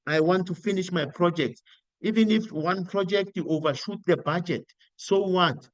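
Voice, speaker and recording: A middle-aged man from South Africa giving informal career coaching, animated and acting out the dialogue he quotes. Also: sits high, moderate pace, dry recording. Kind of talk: informal spoken coaching talk.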